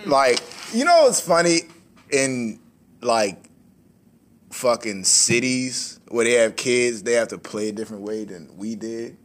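A man chats loosely with friends on a podcast, walking through a film scene by scene. His pitch jumps all over as he jokes, swears and breaks into laughter. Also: unhurried. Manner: animated, laughs often, swears freely. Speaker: podcast co-host. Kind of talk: casual chat recapping a movie.

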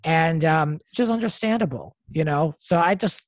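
A podcast co-host chatting casually and giving opinions with quick asides. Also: mid-range voice, no room sound. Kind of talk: casual chat recapping reality TV.

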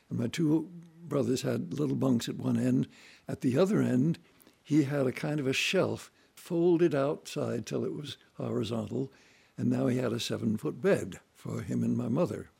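An older man reminiscing about his childhood in a relaxed, anecdotal storytelling way, now and then acting out voices and sounds. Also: mid-range voice, creaky, breathy edge. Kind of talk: unscripted reminiscing monologue.

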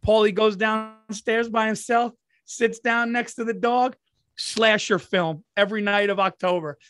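A man's voice: sits high, steady tone, measured pace, a bit bright. A middle-aged man co-hosting a podcast, chatting casually and profanely, laughing often, and reading an ad in between. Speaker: podcast co-host. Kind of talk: casual podcast chat with ad read.

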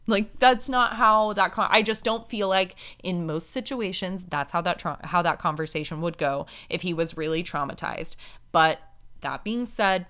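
Smooth-voiced woman in candid chatty commentary. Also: on the low side, fairly bright tone. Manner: candid and chatty, lots of "like", laughs at her own points. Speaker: podcast host recapping a reality show. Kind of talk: casual opinionated commentary. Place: indoors, street sirens nearby.

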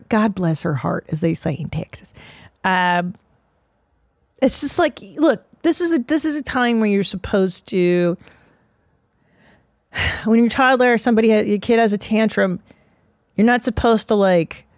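A woman in her forties hosts a casual comedy chat. She talks bluntly and with lots of swearing, in an animated way. Her voice sounds dry and close to the mic. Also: medium pitch, gravelly, dry recording. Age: 40s. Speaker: podcast host.

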